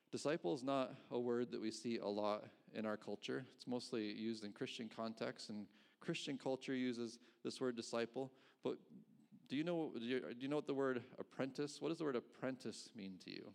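A man's voice: medium pitch, creaky, darkish tone. A middle-aged man, a pastor, preaching a conversational sermon, asking rhetorical questions and chuckling between points.

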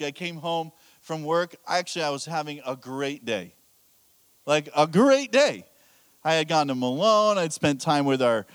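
A man's voice: on the high side, no echo. A middle-aged man preaching a sermon as pastor, telling candid, self-deprecating stories with a laugh.

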